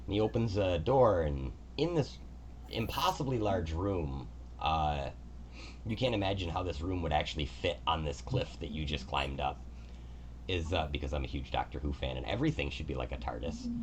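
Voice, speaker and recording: A man's voice: very deep voice, animated, moderate pace, a little hiss or hum. A man narrating as game master of a tabletop game in a casual, descriptive way.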